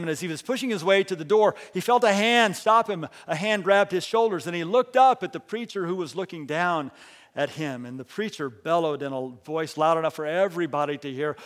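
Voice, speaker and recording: Telling a story in his sermon, a high-pitched pastor shifts between hushed and emphatic, loud lines while leading call and response with the congregation. His voice trails off into a long reverb tail.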